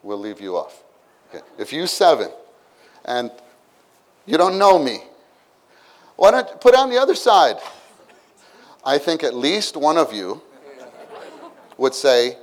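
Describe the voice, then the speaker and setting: A man preaching a sermon, retelling a story with lively acted-out exclamations and asides to the listeners. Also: fairly high pitch, unhurried, pauses often, some chatter behind. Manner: animated storytelling, acts out scenes with exclamations.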